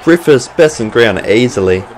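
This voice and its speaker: A young Australian man giving excitable, sweary play-by-play commentary over a football video game he is playing. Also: medium pitch, normal speed, soft background music. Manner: mock sports commentator, swears freely when excited. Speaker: gaming channel host.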